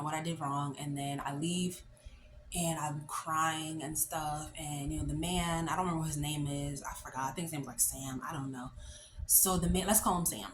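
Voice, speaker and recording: A woman in her late twenties telling a story in a casual, animated, chatty way, full of fillers. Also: deep voice, a little hiss or hum. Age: late 20s. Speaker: vlogger. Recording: echoey room with faint ambience.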